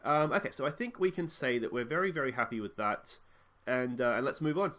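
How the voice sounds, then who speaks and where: The recording is very noisy as a let's play host talks fairly quickly in a medium-pitched voice. He casually commentates on his football management game, musing, chatting, and reacting with bursts of excitement.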